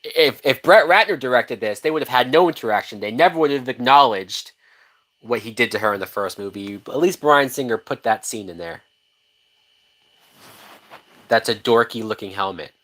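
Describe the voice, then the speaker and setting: An excitable man talks through a film as it plays, swearing freely and breaking into laughter. He jumps between thoughts and restarts his sentences, in loose, chatty commentary. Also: medium pitch, moderate pace. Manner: animated, profane, laughs often, many restarts. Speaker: movie reaction host. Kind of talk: casual live-watch movie commentary.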